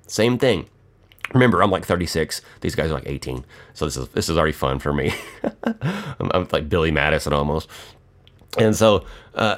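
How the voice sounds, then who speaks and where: A middle-aged man talks in a loose, rambling monologue, joking and swearing freely. His voice sits low but swings widely in pitch. He tells stories the way a podcast host chats. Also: fairly bright tone. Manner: profane, joking storyteller.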